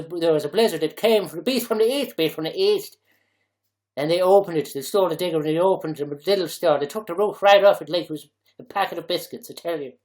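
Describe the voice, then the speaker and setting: A man putting on a put-on Dublin Irish accent to play a loud, indignant local spreading news and swearing. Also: high voice, voice pushed up, close to an everyday voice. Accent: attempted Dublin Irish. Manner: loud, excitable, swearing, insistent.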